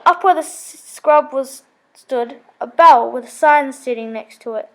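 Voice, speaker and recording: A woman's voice: high-pitched, unhurried, fairly bright tone. A woman reading a children's story aloud, with small slips and self-corrections.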